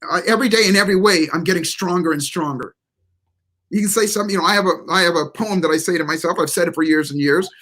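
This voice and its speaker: A man's voice: high voice, quick pace, fairly bright tone. A man speaking as a guest motivational speaker on a live interview show, emphatic and preacherly, repeating key words for stress.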